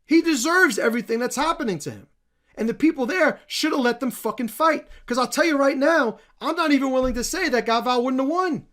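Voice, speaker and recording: A man hosting a reaction video, talking bluntly with plenty of swearing and animated emphasis. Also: very high voice, brisk. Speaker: commentary channel host.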